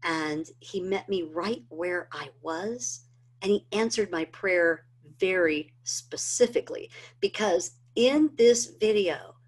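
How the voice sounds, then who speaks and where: Presenting a health training video, a middle-aged woman earnestly recounts her own story, using many fillers while her feelings rise. She speaks slowly in a fairly low, slightly rough voice.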